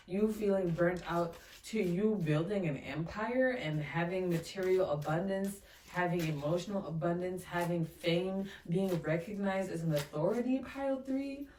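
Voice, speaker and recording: A woman's voice: fairly low pitch, darkish tone. A woman giving a pick-a-card tarot reading, enthusiastic and reeling off lists of card keywords. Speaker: tarot reader. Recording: echoey room, voice distant from mic.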